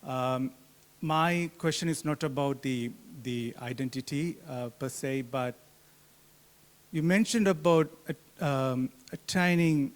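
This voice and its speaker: A man in his forties, a book club member asking a halting question full of restarts. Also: medium pitch. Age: 40s. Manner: halting, many fillers and restarts, soft laugh. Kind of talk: hesitant audience question. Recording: hall reverb.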